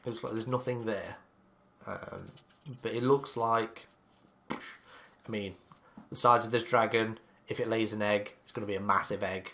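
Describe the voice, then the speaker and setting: Casting: male game master, hesitant narrator, lower voice, unhurried delivery. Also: fairly even intonation, gravelly, pushed and bright, a little hiss or hum. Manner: hesitant, full of ums and likes.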